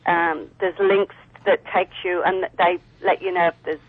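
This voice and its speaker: A woman's voice: fairly low pitch, little pitch movement, unhurried, breathy edge, no echo. An Australian woman, a dog breeder, chatting casually as a radio guest over the phone, with lots of fillers and restarts. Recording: phone-line sound.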